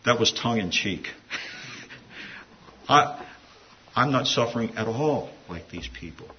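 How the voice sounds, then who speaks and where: A man's voice: mid-range voice, expressive, takes it slowly. A man preaching a sermon in a conversational, digressive way, with asides. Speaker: pastor. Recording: dull lo-fi sound with faint hiss.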